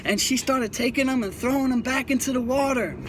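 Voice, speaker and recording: Speaking fairly quickly in a very high voice, with background noise behind him, a man runs his own YouTube channel and talks about life in prison. His casual monologue offers young viewers sincere, repetitive guidance. He preaches, circles back to the same points, and frequently trips over his words and restarts.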